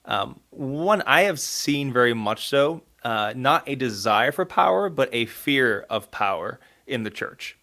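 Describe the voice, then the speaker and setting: A man's voice: mid-range voice, lively intonation, a little slow, few pauses, bright, forceful tone. A man, a priest co-hosting a podcast, thoughtfully sharing anecdotes in casual chat with hesitant fillers.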